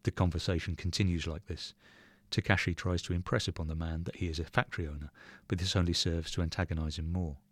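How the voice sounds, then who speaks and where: A man reading a short story aloud in measured, even narration. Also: deep voice, dry recording. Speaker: reader.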